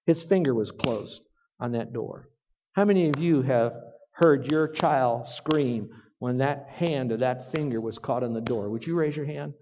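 A man preaching a sermon to a men's group, earnest and plain-spoken, rising to loud emphatic bursts. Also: mid-range voice, unhurried, in a large hall, dull audio, a little hiss or hum.

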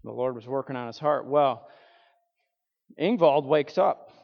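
A man's voice: medium pitch, measured pace, gravelly. Man preaching in an echoing hall. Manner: conversational, acts out quoted voices. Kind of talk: storytelling sermon. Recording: dull sound with long hall reverb.

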